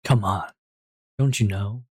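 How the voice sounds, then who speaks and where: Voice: deep voice, unhurried, a little mellow, husky, no echo, clean studio sound. A streamer in casual stream chat, playful and rambling, with frequent giggles, talking into a home streaming mic.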